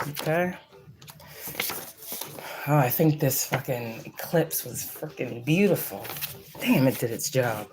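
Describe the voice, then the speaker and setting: With a rumbling low voice and lively intonation, a woman psychic speaks slowly and pauses often over a noisy background. It's a casual channeled reading, delivered bluntly and profanely, rambling and preachy, with phrases repeated for emphasis.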